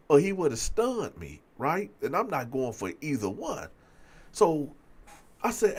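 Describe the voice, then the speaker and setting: A man telling a story in a casual, animated way, acting out the quotes and asking "right?" often. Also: fairly high pitch, measured pace. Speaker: storyteller host.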